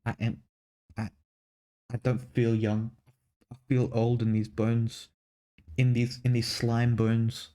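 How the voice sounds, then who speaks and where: A man's voice: mid-range voice, monotone, slow, long pauses, dark tone. A young man with a mixed Australian-English accent, chatting casually on a stream, rambling and swearing lightly. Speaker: VTuber streamer.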